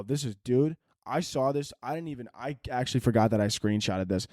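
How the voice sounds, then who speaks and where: A man's voice: mid-range voice, expressive, a little fast, few pauses, a little mellow, no echo, studio quality. A man hosting a solo podcast, rambling through listener questions with crude, self-mocking jokes. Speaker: podcast host.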